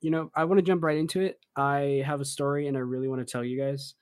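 A man's voice: mid-range voice, fast talker, smooth, no echo, clean studio sound. Young man hosting a casual podcast. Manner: animated storyteller, rising to laughing disbelief. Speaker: podcast host. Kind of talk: casual chat, storytelling.

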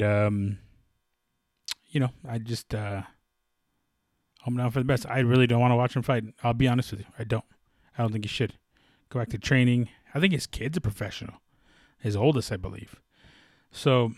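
A man's voice: fairly low pitch, darkish tone, no room sound, studio quality. A man chatting casually about fights, rambling with many fillers and restarts. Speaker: fight commentator. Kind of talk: casual sports chat.

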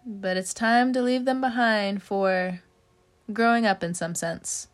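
A woman's voice: mid-range voice, a little slow. A woman giving a casual tarot reading, chatty, with many "you know" fillers, frequent little laughs and casual swearing. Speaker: tarot reader.

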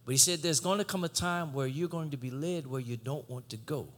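A man preaching a sermon, swinging from shouted exhortation to low conversational teaching. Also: fairly quick.

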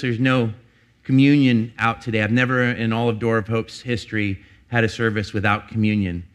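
Pastor, middle-aged man, mid-range voice; confessional sermon delivered like a personal story, loose and conversational with restarts. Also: mid-range voice. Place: church.

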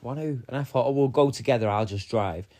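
A man's voice: mid-range voice, fairly quick. Young man telling a story with lots of animation. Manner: animated storytelling, acting out both sides of a conversation; swears freely and laughs often. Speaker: podcast co-host. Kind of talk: casual chat.

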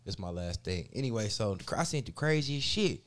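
A man's voice: on the low side, a little fast. A man chatting casually, telling a long story with lots of slang and swearing. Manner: profane, slangy, animated storytelling. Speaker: storyteller in a chat. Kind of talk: casual chat.

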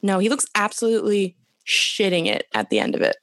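A woman co-hosting a podcast, retelling TV episodes in animated, profane casual chat. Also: medium pitch, brisk, no room sound. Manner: animated and profane, with frequent fillers. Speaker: podcast co-host. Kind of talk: casual chat recapping a TV show.

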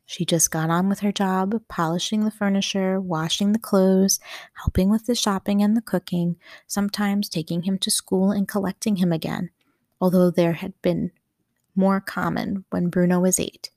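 Calm woman reading an audiobook. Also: medium pitch, dry recording, studio quality. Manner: calm, measured storytelling. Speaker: audiobook narrator.

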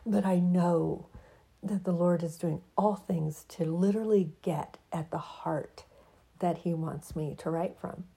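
A woman speaks in a soft, heartfelt personal monologue. Her voice sits low, with a husky, gravelly texture and a dark, mellow tone. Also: steady tone, unhurried. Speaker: writer reading her own piece. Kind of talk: personal reflective monologue with reading.

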